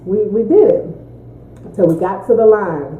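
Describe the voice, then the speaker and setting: Woman, mother, casual chat, lively storytelling, phone-like tinny sound, echoey room. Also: medium pitch, moderate pace. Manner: lively storyteller, laughs often. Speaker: mother answering Q&A.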